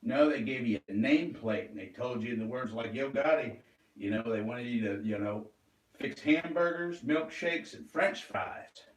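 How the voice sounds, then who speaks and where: A man's voice: medium pitch, normal speed, far from the mic. Rambling, agitated male vlogger with a mid-range voice, set back from the mic. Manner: agitated, rambling, swearing, flares into loud outbursts. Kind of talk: rambling monologue. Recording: roomy echo, away from the mic.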